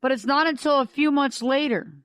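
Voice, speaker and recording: A woman's voice: high voice, a little fast, a bit bright, no room sound. A woman host and life coach giving a conversational storytelling monologue on a radio show, driving her points home with repeated "think about it.".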